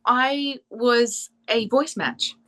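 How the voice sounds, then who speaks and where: An Australian woman voice actor chatting in an interview, animated and laughing, slipping into playful voices. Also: fairly high pitch, extremely slow. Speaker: voice actor and singer guest. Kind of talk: casual interview chat.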